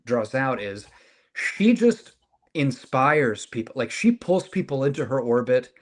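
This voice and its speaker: A man's voice: mid-range voice, sing-song, unhurried. A man co-hosting a podcast, rambling through his thoughts on comics with many hesitations. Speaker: podcast co-host. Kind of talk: casual chat about comics.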